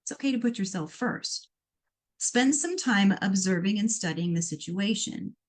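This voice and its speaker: A middle-aged woman from Iowa hosting a live call-in show as a psychic medium. She reads out listener questions and answers them in a chatty, animated way, full of playful asides. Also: medium pitch, moderate pace.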